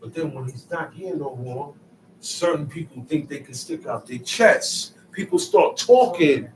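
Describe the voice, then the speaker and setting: A man teaching scripture in casual street talk, emphatic and repetitive, moving from quiet asides to loud outbursts. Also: on the high side, animated, measured pace, a little hiss or hum. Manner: emphatic, repeats phrases, swings from soft asides to loud outbursts. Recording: echoey room, mic set far off.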